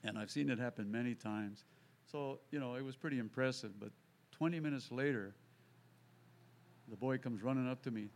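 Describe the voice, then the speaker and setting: A man's voice: medium pitch, moderate pace, long pauses. A man who works as a contractor, telling a faith story to a church group and acting out the people in it. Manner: lively storyteller, acts out quoted voices. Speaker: contractor sharing a testimony. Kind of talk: storytelling testimony.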